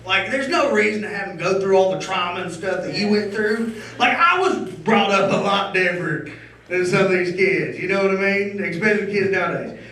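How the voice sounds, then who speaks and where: A brash male stand-up comedian with a high, lively voice performs a set on a comedy club stage, talking a little fast. His loud, rowdy, crude act baits the crowd, captured with roomy, distant, off-mic club sound and a little hiss or hum.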